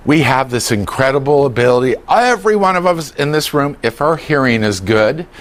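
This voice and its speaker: Male dementia care trainer, lively swooping delivery, acts out dialogue for a live room. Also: medium pitch. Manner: animated, acts out quoted dialogue.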